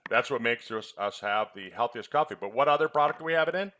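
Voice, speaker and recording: A man's voice: medium pitch, expressive, quick pace, pushed and bright. A man who presents health products and once ran a clinic, chatting in a rambling way and teasing his co-host with quiz questions. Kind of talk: casual chat about supplements.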